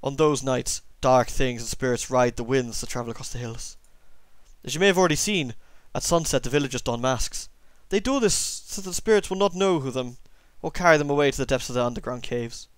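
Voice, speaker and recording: An older village woman recounts old legends with a chatty, knowing air, as a man puts her on in a mock accent for a game playthrough. The voice sits at a middling pitch with dry, close sound. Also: a little fast, no room sound, lightly acted. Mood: solemn. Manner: reads dialogue aloud in a put-on accent. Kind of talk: let's play character voicing.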